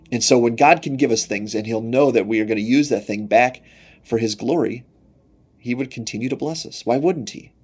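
A man delivers a sermon in a husky, slightly breathy voice at an ordinary middle pitch. He talks earnestly, piling up rhetorical questions. His voice climbs when he speaks God's words. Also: darkish tone. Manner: earnest, repetitive rhetorical questions, rises when quoting God. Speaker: preacher.

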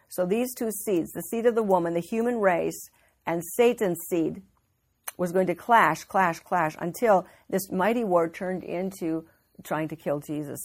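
A woman's voice: fairly low pitch, normal speed, dry recording. A woman giving an informal Bible teaching, telling the story earnestly with frequent restarts.

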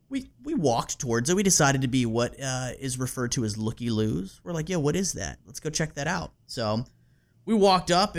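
A man hosting a podcast and telling a story in a loose, casual way. He laughs often, swears easily and leans on fillers. His voice sits at a middle pitch. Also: a bit bright.

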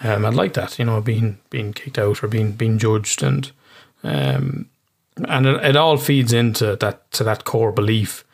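Low-voiced Irish male therapist. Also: expressive, unhurried, gravelly, slightly rough. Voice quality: casual, swears freely, frequent restarts. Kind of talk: casual interview explanation.

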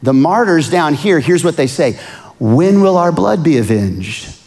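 Man, pastor, sermon, fairly high voice, hushed to shouted swings. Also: expressive, measured pace.

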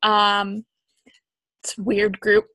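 A woman's voice: mid-range voice, monotone, slow, bright, forceful tone, no echo. A young woman co-hosting a podcast, chatting and explaining things in a casual, self-deprecating way. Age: young adult. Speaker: podcast co-host.

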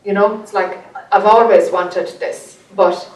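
A woman with an Irish accent, teaching a group, speaking earnestly and growing animated as she tells a story. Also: mid-range voice, measured pace. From Ireland. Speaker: spiritual teacher. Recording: echoey room, voice from a distance.

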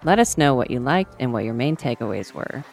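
A woman's voice: a bass voice, big pitch swings, brisk, darkish tone, faint music behind. A woman podcast co-host, supportive and affirming, reading the show's outro. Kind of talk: casual podcast chat and outro.

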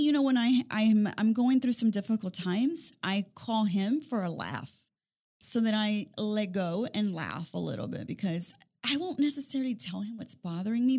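A woman's voice: mid-range voice, darkish tone. A woman in casual conversation, talking in long rambling runs with repeated words and frequent laughter. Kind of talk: casual chat.

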